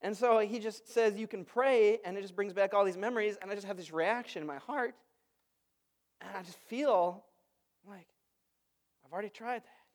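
A man in his thirties, a pastor giving a sermon in a relaxed, conversational storytelling way. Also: high voice, normal speed. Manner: conversational, storytelling with lively asides.

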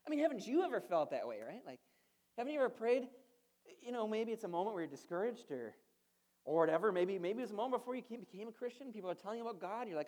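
A man's voice: high voice, very animated, fast talker, a little mellow. A male pastor giving a sermon in a conversational style, asking the congregation rhetorical questions and adding playful asides.

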